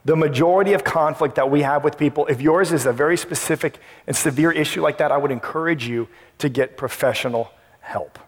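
Storytelling pastor in a reverberant church. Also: male voice, fairly high pitch, fairly quick. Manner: storytelling, animated, acts out his own past lines. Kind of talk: sermon. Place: church sanctuary. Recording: long reverb of a church hall.

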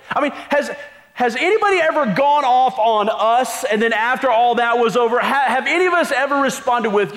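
A pastor with a high voice preaches in a relaxed, chatty way, asking his listeners question after question. His words carry a long reverb, as in a large church hall. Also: a little fast. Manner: conversational, rhetorical questions, many "like" fillers. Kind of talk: sermon.

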